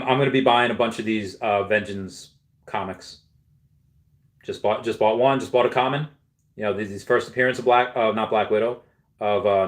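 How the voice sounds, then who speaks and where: A man hosting a casual livestream, rambling with many restarts and reading viewer comments aloud before reacting to them. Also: on the low side. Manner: rambling, with frequent restarts and fillers. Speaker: livestream host.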